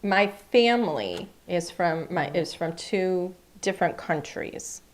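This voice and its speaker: Speaking slowly in a fairly low, animated voice, a woman hosts a live-streamed craft class from her craft studio. She chats with enthusiasm and talks through her thoughts while working.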